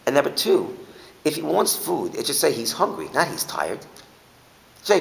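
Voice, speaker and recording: Man, Torah teacher, lecture, rhetorical questions, gravelly, long hall echo. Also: mid-range voice, normal speed. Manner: animated, asks rhetorical questions and restates points. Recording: echoey hall with faint hiss.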